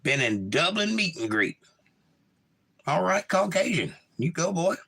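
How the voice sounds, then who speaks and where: A man's voice: on the high side, sing-song, unhurried, vocal fry, bright, forceful tone, slightly rough. A man hosting a casual livestream, greeting chatters by name and reading their comments aloud. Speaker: livestream host. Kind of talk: casual chat reading out live chat, with singing to guitar.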